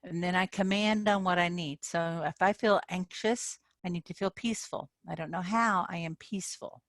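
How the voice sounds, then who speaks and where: A woman's voice: on the low side, moderate pace, no echo. A woman coach giving an informal talk to her members in an online session, speaking conversationally and often checking in with "okay?". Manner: animated when acting out frustration. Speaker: manifestation coach.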